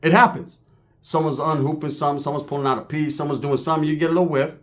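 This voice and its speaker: Animated, profane male storyteller. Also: fairly high pitch, quick pace. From California. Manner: animated, crude, acts out other people's voices. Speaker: former prisoner telling a story.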